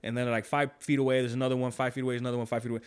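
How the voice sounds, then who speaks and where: Fast-talking, profane male storyteller. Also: mid-range voice, flat delivery, smooth. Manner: profane, slangy, rambling with restarts. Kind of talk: casual storytelling chat.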